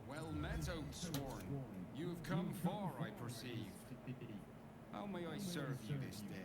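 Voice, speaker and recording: A formal little vicar shopkeeper from a video game, stiff fake-british lilt, kinda high, buried under loud crowd noise. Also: male voice, very animated, a little slow. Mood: courtly. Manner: mock-formal old-style speech with a stiff put-on British lilt. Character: humble, courtly male vicar shopkeeper.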